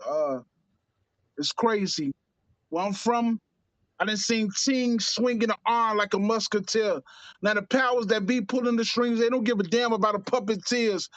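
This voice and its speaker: A man performs spoken-word poetry in a very high voice. His rhymes are rhythmic and packed with wordplay. The sound is dry and dull, typical of lo-fi stream audio. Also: fairly even intonation, moderate pace, fairly bright tone, dry recording. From South Side of Chicago. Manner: rhythmic, wordplay-heavy rhyming delivery. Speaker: guest poet.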